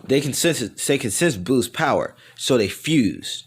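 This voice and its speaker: A man telling a homemade story off the top of his head, his pitch rising and falling in a lively, animated way. He restarts sentences, corrects himself mid-thought, and keeps a loose, casual tone. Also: a little slow, few pauses, slightly rough. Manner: rambling, self-correcting, laughs at himself. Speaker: fan storyteller. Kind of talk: casual improvised narration.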